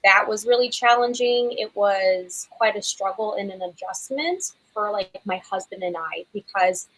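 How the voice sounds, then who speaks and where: A woman's voice: mid-range voice, unhurried, a bit bright, low-quality recording. A woman from the Chicago area, a podcast guest chatting casually, full of ums and likes. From Chicago area, US Midwest. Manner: chatty, lots of um and like. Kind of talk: casual panel chat.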